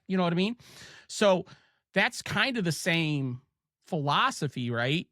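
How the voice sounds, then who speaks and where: A man's voice: high voice, sing-song, sharp tone, dry recording. Male podcast host, Ohio accent, easygoing storyteller, dry close sound. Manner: chatty, storytelling, quick asides and laughs. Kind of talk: casual podcast chat.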